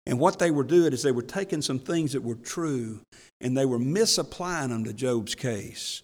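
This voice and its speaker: Pastor preaching in a reverberant church. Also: male voice, medium pitch, animated, normal speed. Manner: folksy, chuckling, swings between hushed asides and raised emphasis. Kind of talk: sermon. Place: church sanctuary. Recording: long hall reverb from church.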